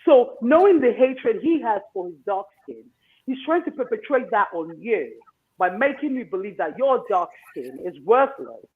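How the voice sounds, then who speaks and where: A man's voice: extremely high pitch, sing-song, normal speed. A man hosting a talk show. He gives advice in an emphatic monologue and keeps asking "okay?". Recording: tinny phone-line sound.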